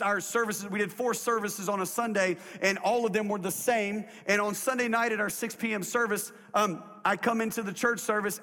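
A man preaching a sermon as a pastor, telling a story in an emphatic, lively way in a church. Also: high voice. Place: church sanctuary. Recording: long hall reverb.

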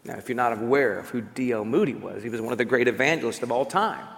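A man's voice: medium pitch, fast talker, creaky, fairly bright tone, long reverb tail, a little hiss or hum. A man preaching a sermon as a pastor, emphatic and full of rhetorical questions.

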